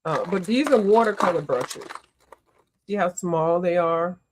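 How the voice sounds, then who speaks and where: A woman's voice: lowish voice, a little slow, background noise. Chatty woman hosting a coloring stream. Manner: chatty and animated, greets viewers, often exclaims. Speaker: coloring livestream host. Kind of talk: casual livestream chat.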